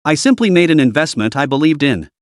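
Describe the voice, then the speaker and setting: A calm young investor in a story recap speaks with quiet self-assurance, voiced by a male narrator. His pitch sits a little high. The recording is dry and close. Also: fast, no room sound.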